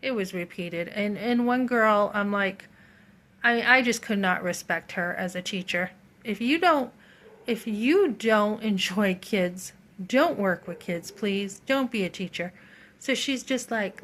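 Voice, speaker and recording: A woman's voice: medium pitch, a little slow, fairly bright tone. A middle-aged woman telling a story to her viewers in a casual vlog, earnest and indignant, often quoting her own thoughts with emphasis. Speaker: vlogger.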